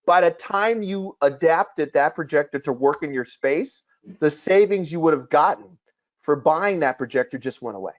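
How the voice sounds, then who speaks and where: A man hosting a casual chat, explaining things in an emphatic, animated way. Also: on the high side, moderate pace. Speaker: projector reviewer, host. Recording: lo-fi, dull sound.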